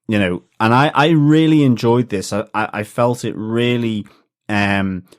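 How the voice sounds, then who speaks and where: A man's voice: mid-range voice, a little slow. A man co-hosting a podcast, chatting enthusiastically with frequent fillers and restarts. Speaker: podcast co-host. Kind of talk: casual podcast discussion.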